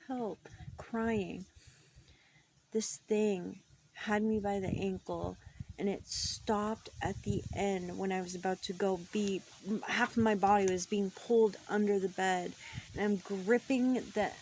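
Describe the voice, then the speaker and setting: Slow-talking woman telling a spooky story. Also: medium pitch, a little mellow, husky. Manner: chatty, slow, dips into whispers for suspense. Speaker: paranormal storyteller. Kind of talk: casual first-person storytelling.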